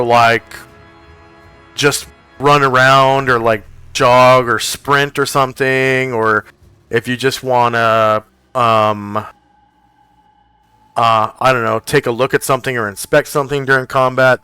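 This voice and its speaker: A man running a tabletop game as game master, narrating the scene and explaining rules in a casual, halting way full of fillers. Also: medium pitch, steady tone, sharp tone, clean tone, no echo, soft background music.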